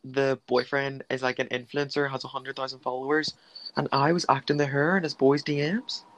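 A young man co-hosting a podcast, chatting casually as a camp, animated storyteller with slangy quips. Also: mid-range voice, brisk, noisy background. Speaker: podcast co-host. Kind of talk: casual chat.

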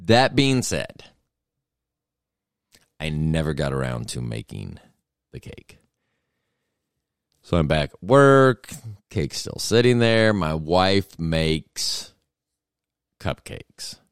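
This podcast host is a middle-aged man with a very deep, smooth voice whose pitch swings widely. He speaks slowly and pauses often while his comic tale meanders and interrupts itself, captured in a dry, clean studio recording.

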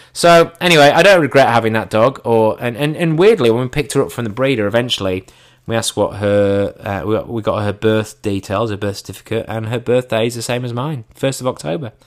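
An Englishman in his thirties tells comic stories, dry and self-mocking, with casual swearing. His voice is lowish and his pace brisk.

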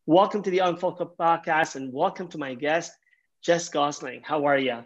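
High-voiced man hosting a podcast. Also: moderate pace, lo-fi sound. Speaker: podcast host. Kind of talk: podcast interview, scripted intro.

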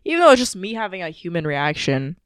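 A woman's voice: on the low side, very animated, quick pace, smooth, no room sound, studio quality. A woman podcast co-host telling a personal story in a casual, emotional, rambling way with lots of fillers.

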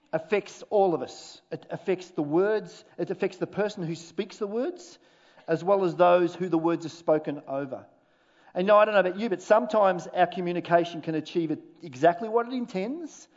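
A man preaching a sermon as pastor, animated and humorous with dramatic pauses. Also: on the high side, dull audio. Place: church auditorium.

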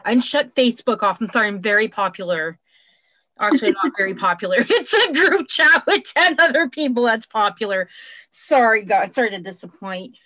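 A woman's voice: a little high, animated, brisk, sharp tone, no echo. A woman co-hosting a casual podcast chat, rambling and self-deprecating, with easy swearing. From Canada. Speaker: podcast co-host. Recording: muffled dry home recording.

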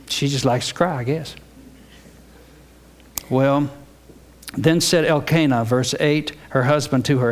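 A man's voice: medium pitch, a little slow, pauses often. An older man preaching a sermon, reading scripture and telling stories with humorous asides. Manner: folksy storytelling with humorous asides. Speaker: pastor.

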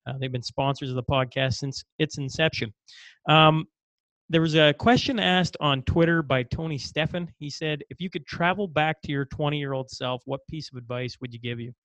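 A man's voice: a little high, moderate pace, fairly bright tone, dry recording. A man in his thirties hosting a podcast interview, chatting in an easygoing, enthusiastic way. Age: 30s. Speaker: podcast host.

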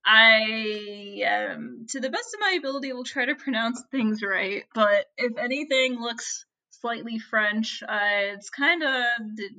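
A woman's voice: a little high, measured pace, few pauses, bright, forceful tone. A woman co-hosting a podcast, casually telling a history story with chatty asides and laughter. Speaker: podcast co-host.

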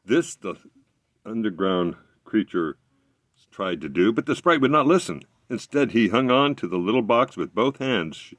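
A man with a low voice reading a fairy tale aloud, his pitch rising and falling with lots of life. He stumbles now and then and corrects himself, recorded close with a dry, deadened sound. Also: moderate pace, no echo. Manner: expressive reading with slips and self-corrections. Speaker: storyteller.

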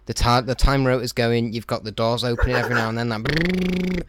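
A man's voice: mid-range voice, brisk, background noise. A man trading silly jokes in casual podcast chat, often laughing and trailing off.

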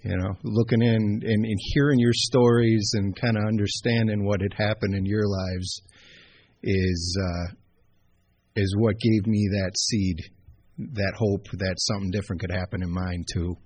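A man's voice: lowish voice, fairly even intonation, measured pace, darkish tone, husky, no echo. A man speaking at a recovery meeting, a little nervous and self-deprecating as he begins his testimony. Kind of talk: personal testimony.

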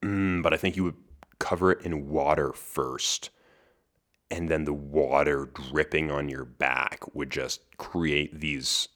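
Very deep-voiced man telling a story. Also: steady tone, slow pace, a bit bright. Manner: chatty, laughs between lines, restarts words. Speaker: podcast host. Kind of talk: casual solo storytelling.

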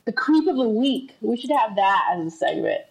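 A young American woman co-hosts a podcast from a room at home, casually telling a story and doing the voices of the people in it. Her voice is a little high and gravelly, slightly rough, with big pitch swings at a normal speed. The recording is rough.

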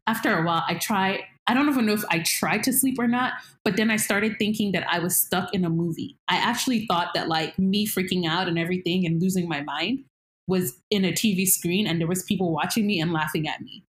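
A young woman telling a story in casual chat, animated, jumping into high squeals when she acts out her panic. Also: fairly quick, echoey room.

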